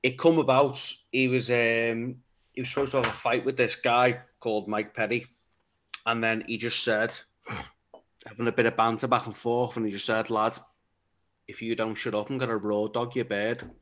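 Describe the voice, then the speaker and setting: A man's voice: mid-range voice, level tone, moderate pace, a bit bright. A man, a podcast co-host who teases his friends and laughs through sweary, casual banter.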